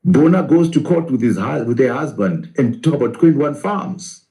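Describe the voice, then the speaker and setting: A man's voice: mid-range voice, lively intonation, normal speed, dark tone, rough recording. A man, a professor, arguing in a political interview, asking rhetorical questions and answering them himself.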